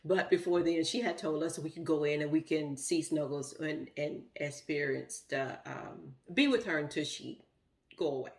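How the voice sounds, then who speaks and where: A woman's voice: low-pitched, moderate pace, a little mellow. A middle-aged woman, telling a heartfelt personal story in a rambling, emotional way with many fillers. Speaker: vlogger.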